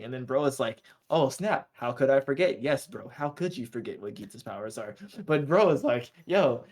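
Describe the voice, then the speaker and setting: A man co-hosting a podcast, casually recapping an anime episode in loose, slangy storytelling and briefly acting out the characters' lines. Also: mid-range voice. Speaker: podcast co-host.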